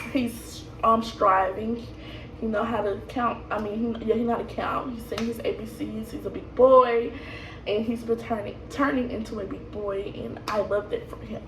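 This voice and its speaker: A woman's voice: a little high, steady tone, normal speed, a little hiss or hum. Young woman rambling thru a storytime, laughy, roomy echo. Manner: chatty, laughing, rambling with fillers and restarts. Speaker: vlogger telling her pregnancy story. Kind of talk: casual storytime. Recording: echoey room, voice from a distance.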